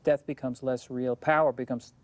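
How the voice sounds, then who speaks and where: A man in an interview, explaining his view in a calm, measured way. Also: mid-range voice, dry recording.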